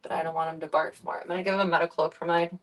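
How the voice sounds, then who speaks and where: Female streamer, casual, gentle coaxing tone; lowish voice, recorded off-mic. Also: level tone, racing. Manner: soft, coaxing talk to her pet. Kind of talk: casual chat. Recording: distant mic.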